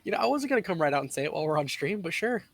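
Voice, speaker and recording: A man playing in an online tabletop game, bantering in a relaxed, joking way. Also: a little high, very fast, creaky, no room sound. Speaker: player. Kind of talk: casual play at a tabletop game.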